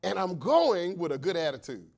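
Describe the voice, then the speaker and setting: Give me a male pastor preaching with passion, high and highly expressive, building to shouts and answering his own questions. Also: moderate pace, vocal fry. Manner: impassioned, shouting at peaks, call-and-response; storytelling with acted voices. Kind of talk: sermon.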